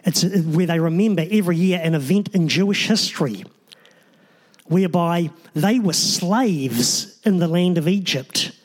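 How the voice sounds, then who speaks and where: A man's voice: sits high, measured pace. A man, a pastor, preaching a sermon in an earnest, emphatic way with short repeated phrases.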